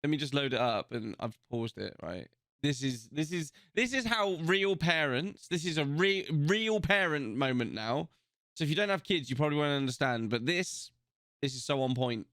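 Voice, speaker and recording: A man's voice: fairly high pitch, normal speed, no room sound, clean studio sound. A man hosting a podcast, reacting to video clips in casual, sweary chat. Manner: sweary, excitable, playing clips. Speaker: podcast host.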